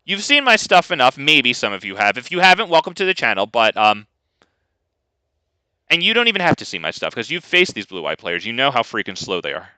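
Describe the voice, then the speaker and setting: A man's voice: mid-range voice, sing-song, a little fast, bright, forceful tone, smooth, no room sound. A man streaming a card game, ranting casually and talking to his chat. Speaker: gaming streamer. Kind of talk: casual live gameplay commentary.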